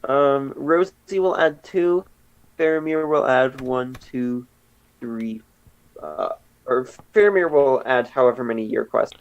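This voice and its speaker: A man's voice: mid-range voice, a little slow, dull audio. A man casually playing a cooperative card game with a friend, easygoing and a little hesitant.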